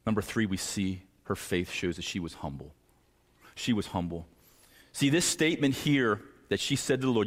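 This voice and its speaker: A man's voice: on the low side, animated, normal speed. A man preaching a sermon as pastor, earnest and at times acting out pleading voices. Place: church sanctuary. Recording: church hall reverb.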